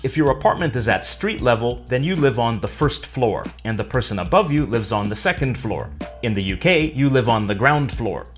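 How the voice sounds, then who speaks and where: A man giving a scripted English lesson, explaining clearly with dry humor. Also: medium pitch. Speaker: English teacher. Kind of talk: scripted educational narration.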